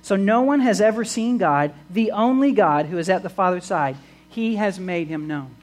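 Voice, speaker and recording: A man's voice: high voice, expressive, moderate pace, poor audio. A man preaching a sermon, repeating words as he restarts phrases and rising into emphatic bursts.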